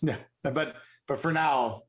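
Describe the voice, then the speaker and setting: A man's voice: fairly high pitch, takes it slowly. A man playing a tabletop game, speaking casually and hesitantly, often repeating his words. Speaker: player.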